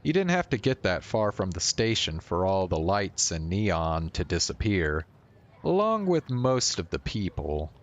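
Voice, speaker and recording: A man's voice: sits low, sing-song, a little slow. A male streamer reading a visual novel aloud and breaking off now and then for offhand remarks and chuckles.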